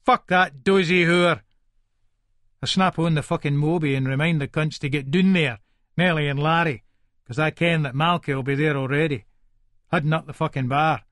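Guy doing a violent edinburgh hardman, scots accent, swears nonstop, kinda high voice, dead dry sound. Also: normal speed, a bit bright, dry recording, lightly acted. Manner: aggressive, swearing constantly. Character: volatile violent Edinburgh hardman, paranoid and foul-mouthed. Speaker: audiobook narrator in character. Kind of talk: first-person audiobook narration.

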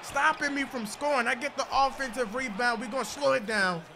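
A man giving hyped gameplay commentary, shouting and trash-talking at the game. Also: very high-pitched, brisk, vocal fry, crowd noise, noisy background. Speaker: gaming video creator. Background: music.

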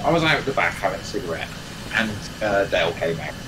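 A man's voice: sits low, very animated, fast, noisy background. A man hosting a live game stream, chatting casually and rambling with lots of fillers and restarts. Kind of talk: casual chat while playing a train game.

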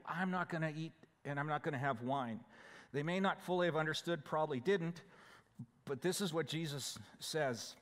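A man's voice: on the high side, moderate pace, a bit bright. A man preaching a sermon as pastor, explaining scripture verse by verse in a conversational way. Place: church sanctuary. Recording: church hall with long reverb.

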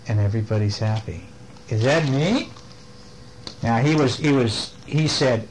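Animated older man reading bedtime stories. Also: a little high, normal speed, poor audio. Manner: animated, playful questions to the kids. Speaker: storyteller. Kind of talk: reading a picture book aloud to children.

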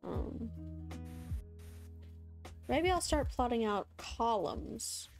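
Female game streamer, slow and relaxed, lively up-and-down delivery. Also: on the high side, soft background music. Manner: chatty, laughing, thinking aloud while building. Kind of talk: casual live-stream chat while gaming.

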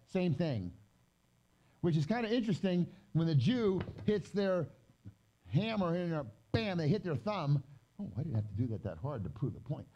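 Lively, mellow-voiced man teaching scripture. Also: high-pitched, low-quality recording. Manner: reads scripture aloud slowly, then explains it in loose chatty asides. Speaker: Bible teacher. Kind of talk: conversational Bible teaching with slides. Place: gathering hall during a live-streamed event.

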